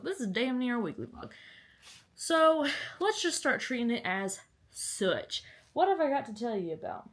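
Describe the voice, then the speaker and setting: A woman's voice: a little high, sing-song, unhurried, fairly bright tone. A young woman, chatting to the camera at home about books in a giggly, rambling way. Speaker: book vlogger. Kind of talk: casual chat to camera. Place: at home indoors.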